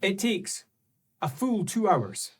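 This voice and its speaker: A male game master narrating an improvised tabletop roleplaying game. He takes his time over each scene description. His intonation is lively and varied. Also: high voice, slow, husky.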